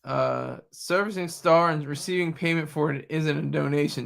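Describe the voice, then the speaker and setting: A man's voice: fairly high pitch, fairly even intonation, normal speed, creaky, a bit bright. A man streaming live, talking back to chat and news clips in a mocking, combative way. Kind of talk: casual live-stream commentary.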